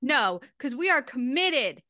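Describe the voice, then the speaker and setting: Woman, podcast co-host, high bright voice, bubbly, rambling, dry close sound. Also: sing-song, unhurried, no echo. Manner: bubbly, rambling, laughs often. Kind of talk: casual chat. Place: at home in Boston.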